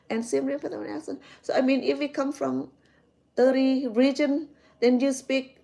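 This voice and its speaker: A woman's voice: on the high side, darkish tone. A woman from Cambodia with a Cambodian accent, a chef chatting casually to her viewers, repeating words and checking in with "okay?". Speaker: chef and host.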